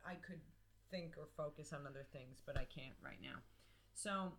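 A woman's voice: deep voice, moderate pace, crowd noise. Candid rambling woman podcaster. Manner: candid, rambling, self-deprecating. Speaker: podcast co-host. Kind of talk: casual comedic chat.

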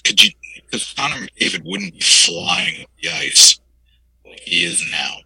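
A man's voice: fairly low pitch, wildly swooping pitch, creaky, sharp tone, breathy edge, dry recording, low-quality recording. A man co-hosting a casual chat over a video call, talking eagerly and opinionatedly about wrestling. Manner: enthusiastic, quick opinionated wrestling fan. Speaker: podcast co-host.

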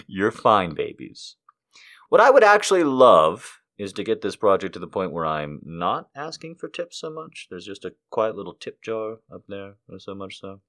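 A man's voice: on the low side, big pitch swings, moderate pace, a bit bright. A man hosting a podcast, delivering a rambling, profane comedic monologue. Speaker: podcast host.

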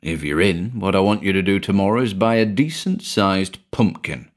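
A man voicing an older ex-chemistry teacher, blunt and boozy, with a gruff, slurring drawl and a British accent. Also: low-pitched, animated, moderate pace. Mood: gruff scheming.

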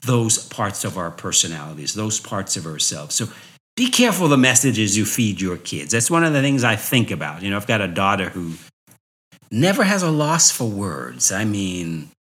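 A man's voice: on the low side, very animated, moderate pace, fairly bright tone. A man from New York giving a personal motivational talk, chuckling often and repeating phrases for emphasis. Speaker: speaker.

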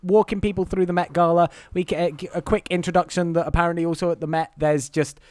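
A man's voice: on the high side, fairly even intonation, fast, a little mellow, no room sound. A man, co-host of a podcast, casually recapping a film with lots of ums and restarts. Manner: rambling recap with many fillers.

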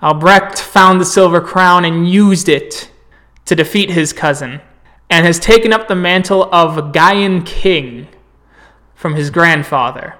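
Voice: medium pitch, unhurried, sharp tone. A tabletop game storyteller voicing a well-travelled male envoy, speaking formally to a gathering. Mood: welcoming. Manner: formal, welcoming speech. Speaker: non-player character.

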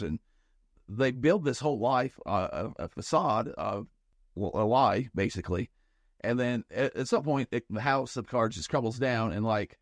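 A man's voice: mid-range voice, expressive, normal speed, no echo, clean studio sound. A man co-hosting a podcast in casual chat, rambling and thinking aloud with many restarts. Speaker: podcast co-host.

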